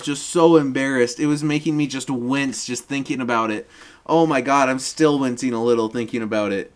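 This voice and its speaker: A young man, a delivery driver, telling funny work stories in a casual, animated way, swearing and laughing as he acts out quotes. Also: a little high, moderate pace. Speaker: food delivery driver and vlogger. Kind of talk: casual storytelling monologue.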